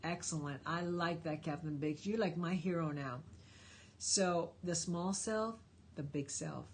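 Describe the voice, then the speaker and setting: A woman with a deep, husky voice takes her time, unhurried, as she hosts a live stream Q&A. She reads viewers' questions from chat and replies with emphatic, encouraging life advice.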